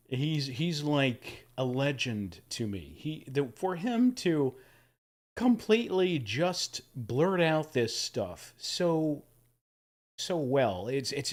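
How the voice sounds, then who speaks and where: A man hosting a casual livestream, chatting enthusiastically and thanking viewers for tips. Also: medium pitch. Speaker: livestream host.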